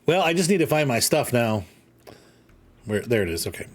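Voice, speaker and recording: A man's voice: medium pitch, sing-song, moderate pace. A man casually commenting while he plays a farming game, rambling, joking and talking to himself. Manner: rambling, playful, jokey asides. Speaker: gaming channel host.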